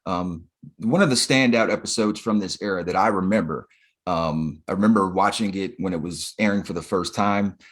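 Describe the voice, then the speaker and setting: A man's voice: sits low, normal speed. A man co-hosting a podcast, recapping in laid-back, profane casual chat with plenty of fillers. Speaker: podcast co-host.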